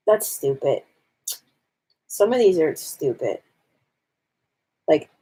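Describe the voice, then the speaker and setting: A woman's voice: deep voice, big pitch swings, takes it slowly, pauses often, dark tone, breathy edge. A woman on a casual live stream, reading jokes aloud and commenting on them to her viewers.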